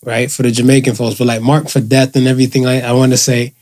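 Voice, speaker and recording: A man's voice: mid-range voice, flat delivery, quick pace, a little mellow. A man co-hosting a casual podcast, rambling and padding his points with filler phrases. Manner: rambling, fills with "and stuff". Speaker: podcast co-host.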